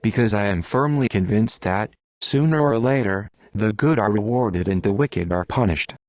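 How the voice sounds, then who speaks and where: A grave, questioning priest speaks in a low, measured voice, read by a man narrating an audiobook. His tone is solemn and searching. The sound is dry and close. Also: darkish tone, no room sound, close to an everyday voice. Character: Italian-speaking male priest, probing, grave.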